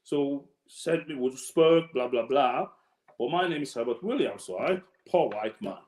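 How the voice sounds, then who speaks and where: A man's voice: medium pitch, lively intonation, unhurried, a little mellow, echoey room. Chatty Sierra Leonean man hosting. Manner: chatty, anecdotal, laughs often. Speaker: event host. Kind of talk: casual hosting on a video call.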